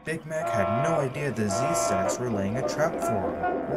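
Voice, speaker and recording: A man's voice: mid-range voice, expressive, unhurried, hardly any pauses. Man reading a storybook, music behind. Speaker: narrator. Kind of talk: storybook narration.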